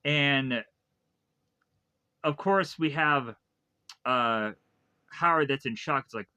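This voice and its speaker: Bright-voiced man rambling through a plot recap. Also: medium pitch, slow, pauses often, clear, resonant tone. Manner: rambling retelling with repeated phrases. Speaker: movie reviewer. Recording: dull lo-fi dry recording.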